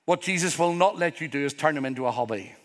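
Northern Irish pastor preaching in an echoing hall. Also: male voice, a little high, expressive, fast. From Northern Ireland. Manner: earnest, emphatic preaching with rising repeated phrases. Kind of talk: sermon. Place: church hall with congregation. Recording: long hall reverb.

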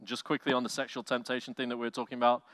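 A male pastor preaching a sermon with animated delivery, swinging from loud bursts to quiet, low lines and acting out quotes. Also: very fast, dry recording. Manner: animated preaching with acted-out quotes, loud swells and soft drops.

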